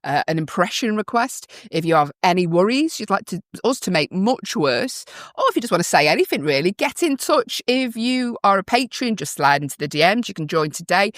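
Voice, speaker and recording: A woman's voice: mid-range voice, a bit bright, dry recording, studio quality. A sleep-deprived woman co-hosting a casual podcast, laughing and teasing her co-host as she reads the show's plugs. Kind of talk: casual chat.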